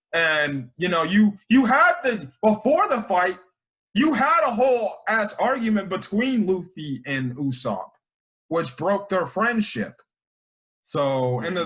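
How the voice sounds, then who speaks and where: A man hosting an anime review, talking in an excitable, slangy, rambling way full of restarts. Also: high voice. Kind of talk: casual chat.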